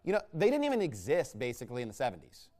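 A man preaching a combative, mocking sermon, swinging between low muttering asides and loud outbursts. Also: huge pitch swings, rapid-fire. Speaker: pastor. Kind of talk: fiery sermon rant.

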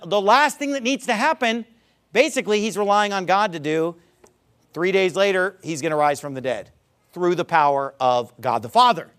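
A man preaching with an animated, emphatic delivery, his voice set high and swinging widely in pitch. He drives each point home by repeating phrases and firing rhetorical questions at his listeners. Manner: calls a congregation member up for a live illustration. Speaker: pastor. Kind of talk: sermon.

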